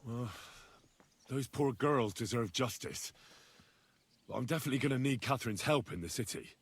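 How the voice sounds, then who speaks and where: An earnest young squire, delivering his lines plainly and with sincerity. His voice is husky, at a middle pitch for a man. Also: expressive, moderate pace, no echo. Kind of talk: video game voice acting.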